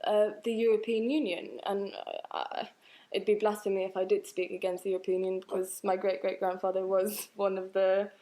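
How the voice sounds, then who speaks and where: A young woman raised in France, a guest on a radio interview, talking casually with many pauses and fillers. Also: medium pitch, flat delivery, dark tone. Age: young adult. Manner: hesitant, many fillers, laughs often. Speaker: actress guest.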